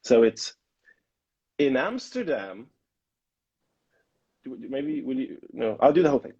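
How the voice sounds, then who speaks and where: Man, podcast host, rambling, playful, raspy, muffled lo-fi recording. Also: medium pitch, fairly even intonation, quick pace, warm tone. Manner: rambling, playful, many restarts. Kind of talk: casual interview chat. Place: Amsterdam.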